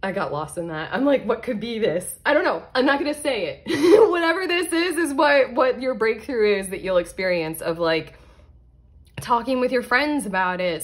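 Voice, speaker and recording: A woman giving a casual tarot card reading, excitable and chatty, laughing often and filling her talk with "like" and "you know". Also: medium pitch. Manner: excitable, giggly, chatty with many fillers. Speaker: tarot reader.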